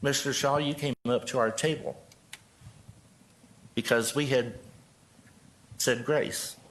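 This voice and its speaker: An older man from Joplin speaks at a council podium microphone, reading a prepared statement in an earnest, measured way. His voice is mid-pitched and steady. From Joplin, Missouri. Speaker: pastor speaking at public comment. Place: city council chamber.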